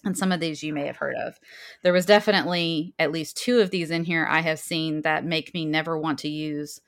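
Low-pitched female podcast host, casual and chatty, mixes reading with commentary. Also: steady tone, brisk. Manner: chatty, reading quoted passages with asides.

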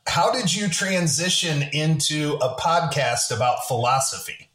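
A man's voice: fairly high pitch, lively intonation, measured pace, a bit bright, faint music behind. A man hosting an interview, affirming his guest and asking questions conversationally. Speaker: interview host. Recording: echoey room.

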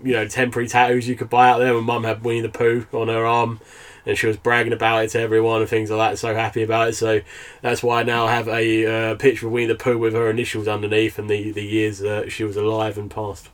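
A man's voice: lowish voice, completely flat delivery, fast talker. An English man, a guest on a podcast, chatting casually with frequent laughs and fillers. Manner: laughs often, with many fillers. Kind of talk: casual chat.

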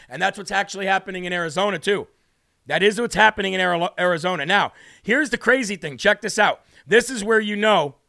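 A man hosting a live stream with a high, bright, forceful voice. He delivers fired-up political commentary, speaks straight to his viewers and reads their chat messages out loud. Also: vocal fry. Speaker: host of a live online talk show.

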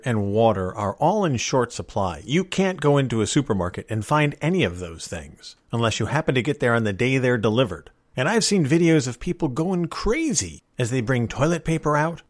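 Folksy man with a lively voice. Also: medium pitch, dry recording, studio quality. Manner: folksy, opinionated, wry. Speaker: podcast host. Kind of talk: solo podcast monologue.

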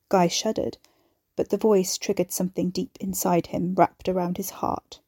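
A woman reads a chapter of a serialized story aloud at a steady, measured pace. Her voice is mellow and relaxed. The recording is dry and close. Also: fairly low pitch, breathy edge, no room sound. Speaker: narrator. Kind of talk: audiobook narration of a serialized story.

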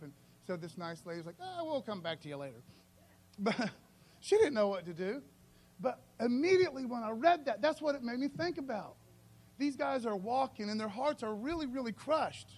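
A high-pitched man preaches in a loose, conversational storytelling style, often calling listeners "man" and swinging between soft and loud.

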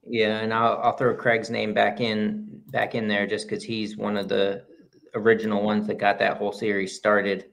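A man's voice: on the low side, monotone, vocal fry, a bit bright. Easygoing man podcast co-host. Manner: easygoing, halting with fillers. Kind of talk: casual chat.

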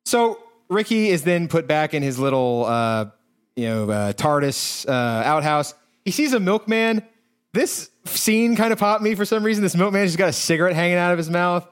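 A man with a slightly high voice recaps a movie on a podcast. He rambles and swears, filling every gap with "uh" and "like". The talk is casual and chatty. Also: lively intonation, moderate pace, smooth. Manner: rambling, profane, many fillers and restarts. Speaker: podcast co-host.

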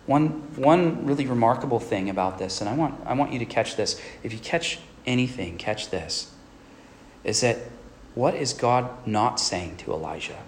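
A man's voice: mid-range voice, lively intonation, normal speed, slight background noise. Earnest male pastor preaching. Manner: earnest, often asks "right?". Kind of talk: sermon.

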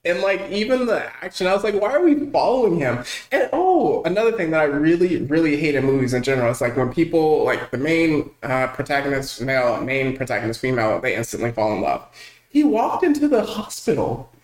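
A man co-hosting a casual podcast chat, ranting in an animated way and acting out quotes. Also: fairly high pitch, fairly quick. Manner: animated ranting, mock-quoting characters. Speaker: podcast co-host. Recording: roomy echo.

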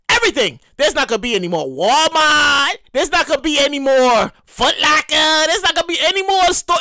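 A man's voice: very high voice, sharp tone, no echo. A man on a casual, profane rant to camera, emphatic and repetitive. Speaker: vlogger. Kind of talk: casual ranting monologue.

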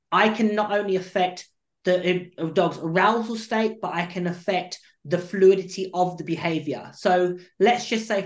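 A man, a dog trainer and coach, explaining his training methods at length in an animated interview. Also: high-pitched. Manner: animated, acts out what the dog thinks. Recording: roomy echo.

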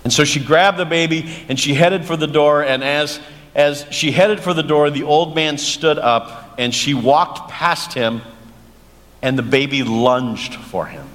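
A man, a pastor, preaching a sermon in a slow, earnest storytelling manner and leading a prayer. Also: fairly high pitch, fairly bright tone. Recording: long church reverb, faint noise.

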